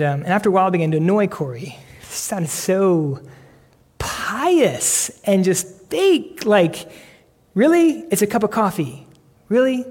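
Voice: medium pitch, a little mellow, in a large hall. A pastor delivering a sermon in an earnest, conversational way, often restarting phrases as the thoughts come.

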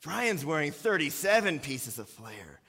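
A man's voice: a little high, very animated, unhurried, sharp tone, breathy edge, long reverb tail, heavily acted. A man voicing an exasperated restaurant manager who talks down wearily with heavy sighs. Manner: weary, condescending.

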